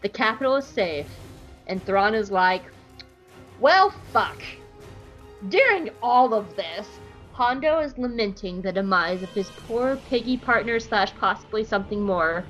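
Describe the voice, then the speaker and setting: A woman's voice: medium pitch, lively intonation, moderate pace, fairly bright tone, faint music behind, low-quality recording. A woman casually recapping a cartoon episode for a podcast, joking around and slipping into silly voices for the characters. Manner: playful, jokey, acts out quotes in silly voices.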